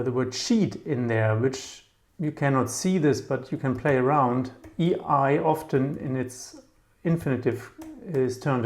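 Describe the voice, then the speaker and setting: A man's voice: medium pitch, a little mellow. A man teaching vocabulary in a casual, musing way, often checking in with "yeah?" and repeating words aloud. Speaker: German teacher. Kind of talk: casual explanatory lesson.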